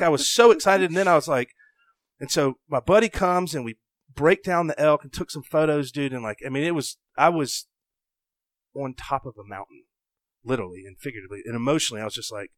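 A young adult man from the American South with a Southern accent, telling a story in an animated, casual way, acting out his own thoughts and often interrupting himself. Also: medium pitch, no echo. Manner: excitable, self-interrupting, acts out his own inner voice.

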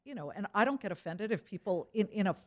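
A middle-aged woman, a news anchor, speaking as an interview guest in an emphatic, quick-witted way. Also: medium pitch, animated. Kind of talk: conversational interview.

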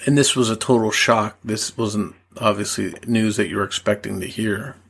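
A man hosting a podcast interview, asking careful, gentle questions. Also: on the low side, normal speed, gravelly, breathy edge.

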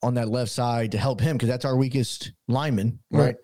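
A man hosting a sports podcast, walking through game plays in a measured, casual way. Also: mid-range voice, steady tone, vocal fry, mellow, no room sound. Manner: measured, breaks down plays with restarts. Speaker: podcast host.

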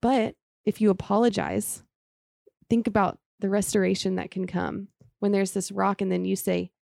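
A woman's voice: medium pitch, little pitch movement, moderate pace, creaky, a little mellow, no room sound, studio quality. A woman co-hosting a faith-based podcast, talking earnestly in long flowing sentences. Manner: earnest, speaks in long flowing run-ons.

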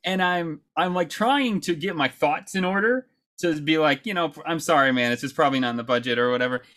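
A man's voice: on the high side, a little fast, fairly bright tone. Chatty laughing man telling stories. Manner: chatty, laughs often, lots of fillers and restarts. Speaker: podcast co-host. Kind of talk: casual podcast storytelling.

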